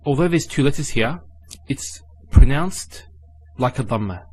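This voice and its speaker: A male teacher with a mid-range voice explains Arabic letters and vowels in a spoken lesson. He is patient and methodical, breaking words into syllables and sounding each one out slowly, then repeating it. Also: medium pitch, animated, husky.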